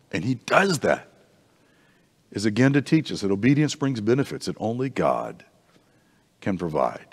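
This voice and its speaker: A man teaching an adult Bible class in a church, conversational and animated, often restarting his sentences, in a reverberant hall. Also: mid-range voice, breathy edge.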